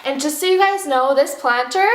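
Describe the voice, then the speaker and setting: A young woman telling a dramatic storytime vlog, acting out the quotes with animated flair. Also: high-pitched, moderate pace, reverberant. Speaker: vlogger.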